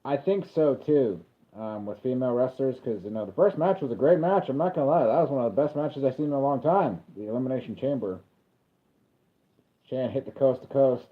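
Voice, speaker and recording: A man of ordinary pitch chats loosely through a livestream, reacting to a wrestling event as it happens. He rambles between thoughts and jumps in with excited shouts when a move lands. His voice comes through thin and tinny, like audio over a phone line. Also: a little fast. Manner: rambling and chatty, with sudden excited calls of the action. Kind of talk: casual live reaction commentary.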